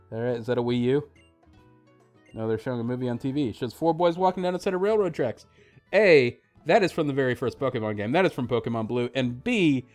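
A man with a mid-range voice hosts a let's play, offering casual gameplay commentary and getting excitable and jokey as he talks back to the screen.

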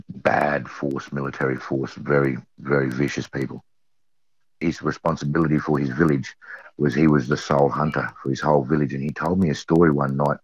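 A middle-aged Australian man with a remarkably deep voice tells a personal story in earnest, circling back to repeat his key phrases. The audio is dry and dull, like a lo-fi recording. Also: no room sound. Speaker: eyewitness.

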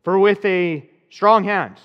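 A man's voice: high-pitched, slow, clear, resonant tone, big-room sound, lo-fi sound. A male pastor preaching a sermon in an easy, conversational way, with bits of dry sarcasm.

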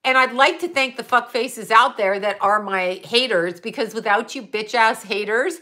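A woman's voice: medium pitch, measured pace, few pauses, sharp tone. A woman hosting a casual livestream, rambling and swearing as she answers chat comments. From Buffalo area, US. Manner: rambling, profane, reads chat comments aloud. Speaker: livestream host.

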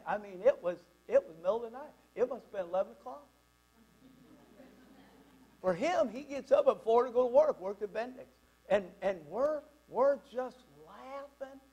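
High-pitched preacher guy telling a story in his sermon, chatty and animated. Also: slightly rough, rough recording. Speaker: pastor.

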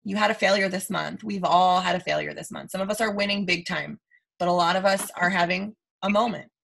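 A team leader in her thirties delivers a motivational talk over live video, emphatic and repetitive, constantly addressing her listeners as "you guys." Her voice is bright, forceful and gravelly, fairly low in pitch and a little fast. There is slight background noise.

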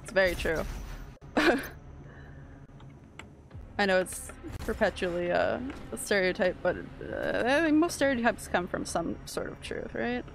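Gravelly-voiced woman streaming a game. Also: medium pitch, sing-song, moderate pace, few pauses. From Canada. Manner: casual, swears and reacts loudly to gameplay. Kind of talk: live game streaming chat.

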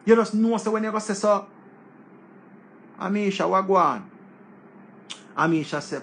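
A man with a Jamaican accent rants in a high, gravelly voice. He lectures and repeats his points with the rhythm of a preacher. There is a faint hiss of noise behind him. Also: moderate pace, long pauses. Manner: preachy, repetitive, animated rant. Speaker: commentator. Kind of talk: casual monologue.

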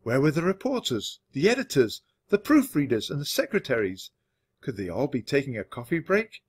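A man reading a children's book aloud for English learners, with expressive, animated storytelling. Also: medium pitch, normal speed, breathy edge. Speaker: storybook reader.

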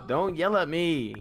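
A young man in casual gaming chat at home, excitable, laughing often and swearing casually. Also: fairly high pitch, slight background noise. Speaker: gamer. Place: home room.

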